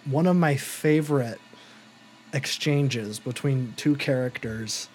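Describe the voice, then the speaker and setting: A man talking casually on a podcast, his voice mellow and soft-edged. He rambles on with enthusiasm, stringing thoughts together in long, loose runs while his pitch sits right in the middle. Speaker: podcast co-host. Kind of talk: casual chat reviewing TV shows.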